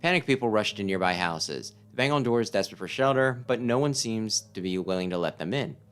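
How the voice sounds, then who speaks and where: Guy with a lowish animated voice reading out a spooky game and cursing at it, soft game music behind. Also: a little fast. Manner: wry, swears, reacts aloud. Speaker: let's-play gamer. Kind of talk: casual gameplay commentary reading game text aloud.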